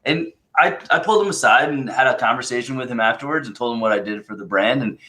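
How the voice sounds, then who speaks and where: Male co-host, bright edge to the voice, lively storyteller in relaxed conversation. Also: mid-range voice, fast talker. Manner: storytelling, animated quoting. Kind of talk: casual podcast chat.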